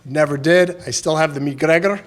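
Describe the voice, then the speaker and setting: A man's voice: a little high, steady tone, moderate pace. A middle-aged man at a podium microphone in a funeral chapel, giving a eulogy full of humorous anecdotes and chuckling through the stories.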